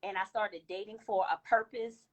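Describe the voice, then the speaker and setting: A woman's voice: medium pitch, fairly even intonation, moderate pace. A woman calling into an online chat, talking frankly and thoughtfully about her own experience. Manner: frank, reflective. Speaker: caller. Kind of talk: casual chat. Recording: dull lo-fi call audio.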